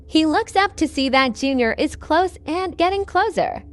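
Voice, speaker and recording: A woman reading a horror story in a slow, measured scripted narration. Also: sits high, lively intonation.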